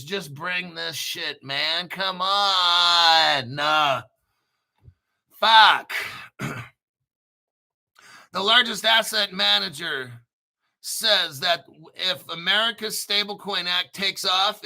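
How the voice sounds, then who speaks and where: A foul-mouthed male crypto host rambles through a news article, boasting and cracking crude jokes between sentences. His voice sits high for a man and sounds sharply bright and forceful, with a cutting edge to every word. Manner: crude, profane, boastful, jokey asides. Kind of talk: rambling live commentary reading a news article.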